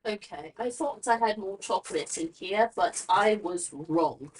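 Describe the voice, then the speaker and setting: A woman's voice: mid-range voice, a little slow, darkish tone, slight background noise. A young woman streamer chatting casually to herself and her viewers, self-mocking and talkative. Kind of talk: casual chat while streaming.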